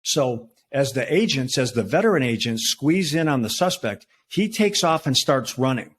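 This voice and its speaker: A man in his sixties, a retired federal agent, telling his story as a podcast guest in relaxed talk with fillers and restarts. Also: mid-range voice, moderate pace, a little hiss or hum. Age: 60s. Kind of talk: conversational storytelling.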